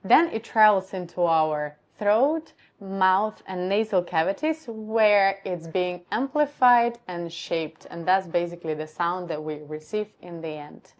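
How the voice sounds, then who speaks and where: A woman voice coach giving a live-streamed lesson on how the voice works, explaining calmly and step by step. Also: fairly low pitch, a little slow, few pauses.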